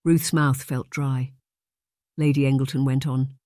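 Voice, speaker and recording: A man's voice: mid-range voice, level tone, unhurried, darkish tone, no room sound. Dry, close male audiobook narrator. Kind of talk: scripted narration.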